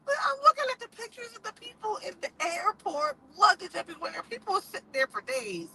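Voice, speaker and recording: A woman giving her opinions in a casual monologue; outspoken and animated, she laughs often and keeps coming back to rhetorical questions. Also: very high-pitched, fast talker, crowd noise, rough recording. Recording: steady background noise with passing traffic.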